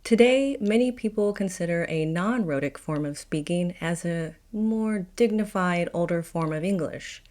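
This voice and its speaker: A woman's voice: fairly low pitch, normal speed, hardly any pauses, a little mellow. A woman from Appalachia with an Appalachian accent, narrating a scripted educational video in a wry, confident storytelling manner. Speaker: video host.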